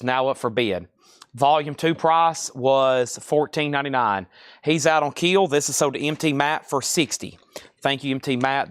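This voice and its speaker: A man hosting a live-stream record sale, calling out titles, bids and prices in a steady stream. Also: medium pitch, dry recording, clean studio sound. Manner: rapid-fire listing of items and prices. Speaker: live auction seller.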